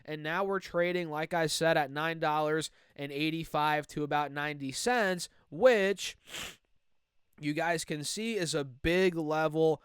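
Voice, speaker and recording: A man with a nasal, stuffed-up voice talks stocks with upbeat energy, calling out to his viewers. His voice sits a little high and comes through very clean. The recording is dry and close, with no room sound. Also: measured pace, clean tone, no echo. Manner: energetic, chatty, addresses viewers directly. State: nasal from allergies. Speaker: stock market YouTuber. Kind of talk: casual market commentary.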